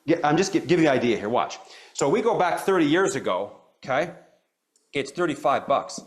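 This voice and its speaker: A middle-aged man leads a live coaching seminar, his voice sitting a little high. He talks animatedly and tosses "okay?" in after nearly every point. He calls on people in the room and asks them direct questions. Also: a little fast. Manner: animated, keeps checking in with "okay?". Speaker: practice coach. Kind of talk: live training seminar talk.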